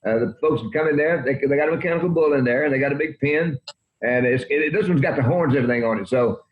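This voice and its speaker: Fast-talking older man, folksy storyteller. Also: medium pitch. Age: 80s. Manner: folksy, rambling anecdotes. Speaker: country music guest. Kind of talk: interview storytelling. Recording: roomy, dull lo-fi sound.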